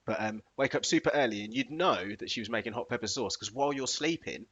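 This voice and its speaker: A man's voice: on the low side, fast, a bit bright, breathy edge. A man co-hosting a casual chat, trading easygoing banter and laughing often. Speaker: podcast co-host. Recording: muffled lo-fi recording.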